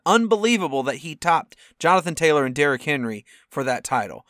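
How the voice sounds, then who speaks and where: A young man co-hosting a football podcast in casual chat, animated and acting out quotes with sudden loud outbursts. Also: fairly high pitch, fairly quick, dry recording, clean studio sound. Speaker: podcast co-host.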